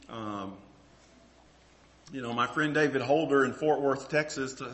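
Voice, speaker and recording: A man's voice: mid-range voice, pushed and bright. A middle-aged male pastor preaching a sermon with folksy, self-deprecating stories. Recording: echoey room.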